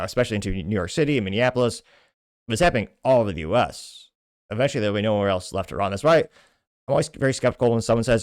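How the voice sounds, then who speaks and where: A man's voice: on the low side, no echo. A man from Texas hosting a political commentary show, reading social media posts aloud and adding sardonic, dry asides.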